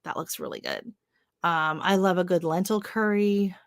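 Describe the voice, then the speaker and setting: A woman's voice: fairly low pitch, normal speed, gravelly, dry recording, clean studio sound. A woman hosting a live stream, chatting casually with viewers, greeting them by name and rambling with lots of fillers. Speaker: livestream host. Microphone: livestream setup.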